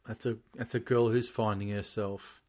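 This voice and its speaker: A man's voice: fairly low pitch, level tone, normal speed, background noise. A man as a podcast guest, making sarcastic, mocking asides in casual chat.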